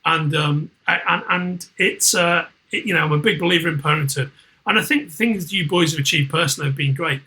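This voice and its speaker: A man's voice: on the high side, fairly quick, sharp tone, rough recording. A middle-aged man with a Liverpool accent, hosting a casual podcast chat, rambling with many restarts and swearing freely. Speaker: podcast host.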